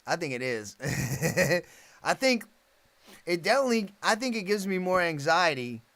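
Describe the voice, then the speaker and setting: A man's voice: sits high, sing-song, a little slow, fairly bright tone, dry recording. A man hosting a casual live stream, rambling, swearing freely and laughing often. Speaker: livestream host.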